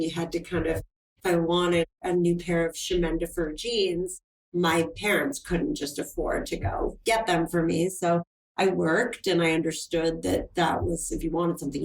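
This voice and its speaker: Earnest woman, low voice, roomy sound. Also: moderate pace. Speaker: film producer guest. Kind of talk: casual interview chat. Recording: roomy, distant mic.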